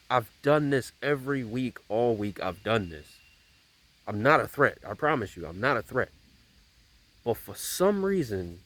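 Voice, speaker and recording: A man's voice: fairly low pitch, fairly bright tone. Rambling man vlogging outdoors. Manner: rambling, repeats himself, emphatic. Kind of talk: casual vlog storytelling. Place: outdoors on a small bridge.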